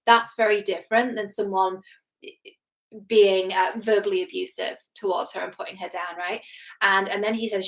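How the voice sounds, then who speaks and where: A woman's voice: mid-range voice, little pitch movement, moderate pace, vocal fry, a bit bright, low-quality recording. A middle-aged woman, a relationship coach, giving chatty, earnest commentary to camera, acting out quotes and laughing at herself. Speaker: relationship coach reacting to a TV series.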